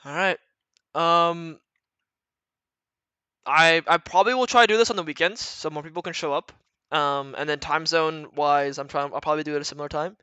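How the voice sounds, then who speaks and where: Male streamer-coach, sharp bright voice, blunt and rambling, swears freely. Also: a little high, steady tone, moderate pace, long pauses, smooth, no echo. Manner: blunt, profane, rambling with restarts. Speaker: retired pro gamer coaching viewers. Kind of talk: casual livestream coaching talk.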